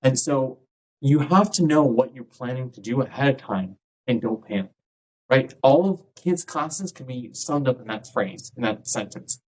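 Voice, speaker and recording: A man's voice: medium pitch, moderate pace, poor audio. A man, a dance instructor, talking casually in a podcast monologue and often checking in with his listeners. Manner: conversational, keeps checking in with "right?"; acts out quoted people in lively voices.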